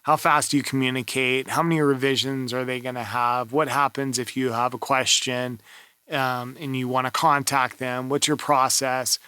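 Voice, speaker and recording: Bright-voiced man giving frank feedback. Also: mid-range voice, level tone, moderate pace, smooth, dry recording. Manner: frank, offhand, coaching. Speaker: voiceover coach reviewing a gig. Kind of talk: casual screen-review commentary.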